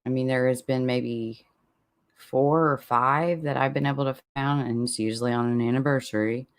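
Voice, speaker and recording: Hosting a listener Q&A for his true crime podcast, this man chats casually and rambles, breaking off mid-thought and laughing at himself. He speaks at a moderate pace with a steady, medium-pitched voice.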